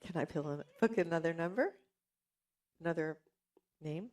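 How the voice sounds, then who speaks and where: A woman's voice: low-pitched, normal speed, pauses often, darkish tone. A woman at the event pleading playfully for one more question.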